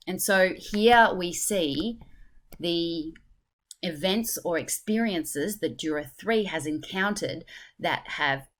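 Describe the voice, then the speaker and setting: A woman teacher walks through a text in a low voice. She speaks thoughtfully and explains each point, often pausing with "um" to gather her next one. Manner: thoughtful, explanatory, hesitant fillers. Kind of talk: spoken literature lesson.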